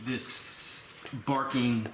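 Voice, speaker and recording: Game master type, man, laid-back scene describer, echoey room, steady background noise. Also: medium pitch, drawn-out words. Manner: casual, describes scenes plainly. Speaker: dungeon master. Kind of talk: narrating a tabletop game.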